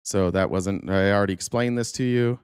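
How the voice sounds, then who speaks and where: A man live-streaming, arguing his points in a quick, rapid-fire rant. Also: on the low side, a little mellow, clear, resonant tone, no echo, clean studio sound.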